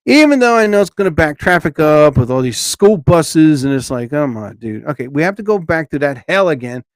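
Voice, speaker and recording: A man's voice: fairly high pitch, expressive, fairly quick, no room sound. A man hosting a casual live stream, rambling and talking to chat viewers by name.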